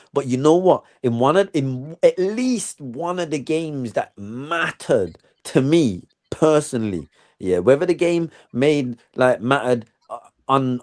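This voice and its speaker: A man's voice: medium pitch, darkish tone. A man on a podcast, rambling and correcting himself in casual football chat. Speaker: podcast co-host.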